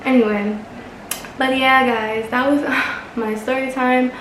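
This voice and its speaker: A woman's voice: sits high, steady tone, takes it slowly, fairly bright tone, roomy sound, slight background noise, low-quality recording. A young woman vlogger telling a casual story, chatty and exasperated, swearing and laughing often.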